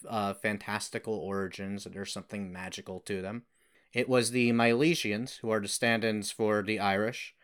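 Smooth-voiced man explaining folklore on a podcast. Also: medium pitch, a bit bright. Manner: explains folklore at length, hedging and self-deprecating. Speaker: podcast co-host. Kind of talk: casual film-discussion podcast.

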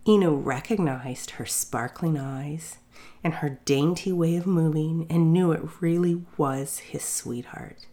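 A woman narrating a fairy tale in a measured, expressive storybook reading. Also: sits low.

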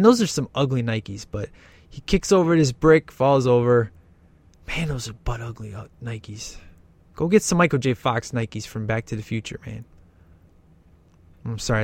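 A man's voice: medium pitch, a bit bright, no echo. Chatty man joking through a movie. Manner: enthusiastic, jokey, chatty. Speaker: movie commentator. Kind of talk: casual movie commentary.

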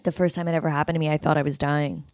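A woman's voice: sits low, little pitch movement, racing, a little mellow, dry recording. A woman hosting a casual chat, blunt and teasing, who swears casually.

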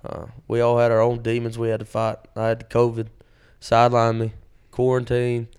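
With a smooth, darkish mid-range voice and a completely flat delivery, this podcast co-host drags out his anecdotes, wandering off course and leaning heavily on fillers during a relaxed storytelling conversation.

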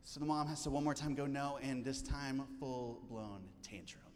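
Joking pastor preaching in a hall. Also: male voice, mid-range voice, moderate pace. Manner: casual, joking storytelling with frequent fillers. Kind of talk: sermon. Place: church stage. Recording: church hall reverb, faint noise.

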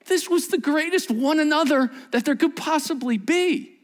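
A male pastor preaching a sermon, acting out dialogue and swinging between loud bursts and hushed near-whispers. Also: extremely high pitch, normal speed.

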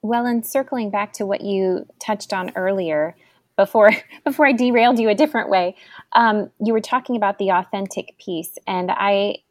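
A woman's voice: mid-range voice, normal speed, no echo. Woman host talking things through, reflective, dry close sound. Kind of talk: casual chat.

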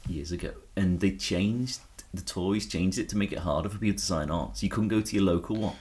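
A man riffing in casual comedy banter with his co-host. He has a lowish voice and laughs easily between his stories. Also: quick pace, a little mellow, slightly rough. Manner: chatty, laughs often, riffing. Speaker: podcast co-host.

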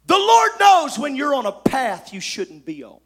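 A man preaching a sermon, emphatic, swinging from shouted lines to soft asides. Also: very high-pitched, huge pitch swings, measured pace.

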